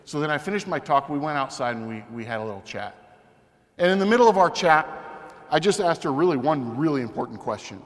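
Man, fairly high voice, animated self-deprecating storyteller, Catholic speaker, long hall reverb. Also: fast. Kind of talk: personal testimony talk.

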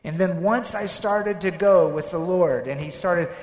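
Male preacher, high voice, lively storyteller who acts out dialogue; recorded in a big echoey hall. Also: unhurried. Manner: animated, acts out both sides of dialogues. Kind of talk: sermon storytelling. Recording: echoey hall with long reverb.

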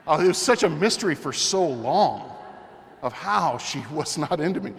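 A man giving a personal testimony talk as a Catholic speaker, telling his story with animated, self-deprecating humor. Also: mid-range voice, moderate pace. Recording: long hall reverb.

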